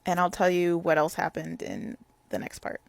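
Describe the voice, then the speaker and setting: Young woman rambling thru a storytime, lots of "like", kinda low voice, dry close sound. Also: lively intonation, normal speed, creaky, no room sound. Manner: rambling, full of "like" fillers. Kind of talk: casual storytime.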